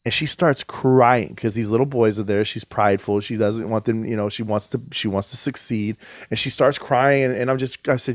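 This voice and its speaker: A man's voice: medium pitch, moderate pace, few pauses, no room sound. A man as a podcast guest, telling homely stories as analogies in a casual faith conversation. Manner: animated storyteller with homely analogies.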